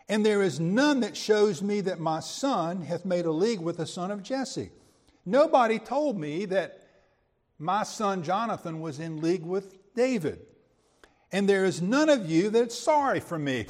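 Animated preacher in a reverberant hall. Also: male voice, sits high, a little slow. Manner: conversational, quips and rhetorical questions. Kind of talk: verse-by-verse Bible teaching.

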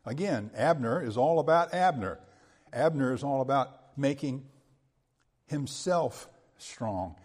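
A man's voice: medium pitch, expressive, takes it slowly, a little mellow, husky. A male pastor preaching an expository sermon in an emphatic, conversational way, often checking in with his listeners. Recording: long hall reverb.

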